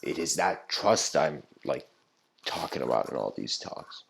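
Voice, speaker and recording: A man's voice: extremely low pitch, expressive, a little slow, gravelly, slight background noise. A man giving a spiritual talk, retelling an old story in a loose, conversational way with many fillers and restarts.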